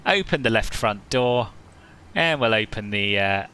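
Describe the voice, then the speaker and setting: Lively, bright-voiced man streaming. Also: lowish voice, measured pace, clean tone, rough recording. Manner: chatty and joking, laughs often at himself. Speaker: flight simulator streamer. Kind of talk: casual live-stream commentary.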